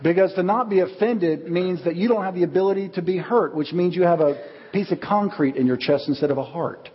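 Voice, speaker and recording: A man preaching a sermon as pastor, telling stories with lively acted-out quotes. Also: high-pitched, fairly quick. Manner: animated storytelling, acts out quotes. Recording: dull audio with long hall reverb.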